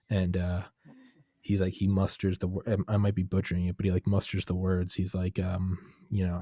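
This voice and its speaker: Low, flat-voiced young man rambling. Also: fairly quick, no echo, studio quality. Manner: rambling, filler-heavy, candid and profane. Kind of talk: casual storytelling chat.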